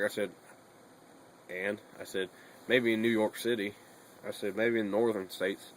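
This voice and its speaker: A man's voice: on the low side, fairly even intonation, normal speed, long pauses, slight background noise, poor audio. A young man chatting casually in a bedroom vlog, rambling and swearing a lot between fillers. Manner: rambling and profane, with many fillers.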